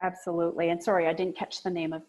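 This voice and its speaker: A woman speaking as a guest on a video-call webinar, earnestly coaching listeners and acting out soft, empathetic phrases. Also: lowish voice, flat delivery, very fast. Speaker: guest speaker, agency co-founder. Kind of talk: webinar talk on client communication.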